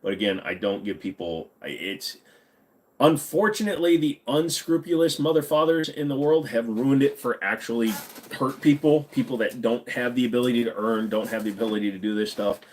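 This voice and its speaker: A man's voice: mid-range voice, brisk, darkish tone. A man in his forties hosting a livestream, chatting casually with viewers in a blunt, profane, rambling way and sounding tired. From United States. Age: 40s. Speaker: livestream host. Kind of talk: casual livestream chat answering viewer comments.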